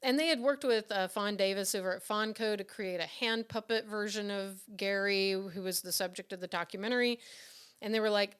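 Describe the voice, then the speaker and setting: A woman's voice: medium pitch, fairly quick, clear, resonant tone. A woman being interviewed about her work as a puppeteer and director, telling stories casually with frequent laughs, fillers and restarts. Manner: animated, laughs often, many fillers and restarts.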